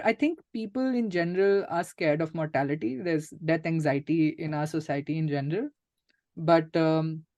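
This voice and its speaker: A man's voice: fairly high pitch, a little mellow, no echo. A man, a guest speaking candidly and reflectively in an interview, with frequent fillers. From India. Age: 30s. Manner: reflective and matter-of-fact, many "like" and "uh" fillers.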